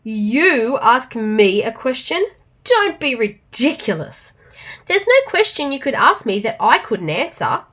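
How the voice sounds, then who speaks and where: A woman's voice: on the high side, sing-song, unhurried, heavily acted. A woman with an Australian accent voicing a rude, boastful male pig in a children's storybook, with squealing sneezes. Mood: scornful. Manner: squealing loud sneezes, scornful.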